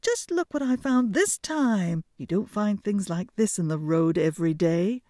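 A woman voicing a simple, cheerful peasant youth who shouts out merrily in a storybook reading. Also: mid-range voice, animated, a little slow, no room sound, clean studio sound, natural voice. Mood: boisterous.

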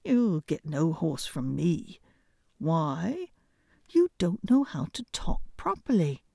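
A woman voicing a gruff, dismissive old father who scolds slowly and sternly in a storybook reading. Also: sits low, huge pitch swings, warm tone, no echo, clean studio sound, heavily acted. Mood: scolding.

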